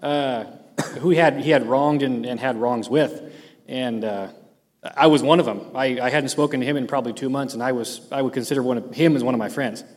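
A man earnestly recounting a coworker's change of heart as a personal testimony, speaking in a slightly halting way. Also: medium pitch, a little mellow, big-room sound.

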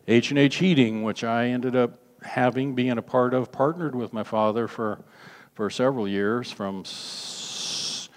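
Older man preaching in a reverberant hall. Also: mid-range voice. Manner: earnest storytelling, slows for emphasis, acts out quoted voices. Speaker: pastor. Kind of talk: sermon with personal testimony.

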